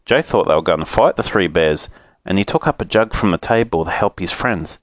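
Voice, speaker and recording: A man reading a children's storybook aloud, lively and expressive. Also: low voice, a little fast, dry recording.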